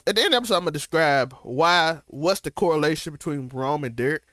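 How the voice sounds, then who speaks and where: A young man talks through a TV episode in a loose, rambling way, full of slang and restarts. His voice sits a little high for a man. The sound is dry and close, with no room around it. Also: animated, fast, bright, forceful tone, no room sound. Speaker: co-host of a TV recap show. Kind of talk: casual recap chat.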